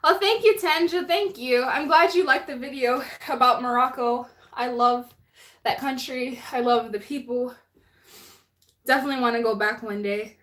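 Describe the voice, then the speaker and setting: A woman's voice: sits high, normal speed, a bit bright. A young woman hosting a live stream, chatting casually, laughing often and reading viewer comments, a bit out of breath.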